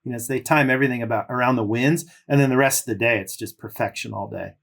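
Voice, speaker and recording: A middle-aged Californian former pro surfer, with a mid-range voice, quick pace, and vocal fry, casually tells long stories as a podcast guest. He rambles in a relaxed way, peppered with fillers.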